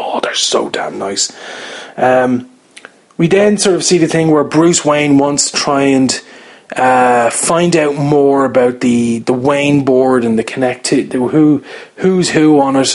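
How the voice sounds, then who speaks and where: A man casually reviewing a TV episode, rambling with many fillers and restarts as he gives his opinions. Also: mid-range voice.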